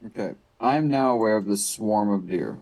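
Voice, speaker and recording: A man's voice: lowish voice, lively intonation, normal speed, a little mellow, rough recording. A man playing a tabletop game, plainly describing what his character does. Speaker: player.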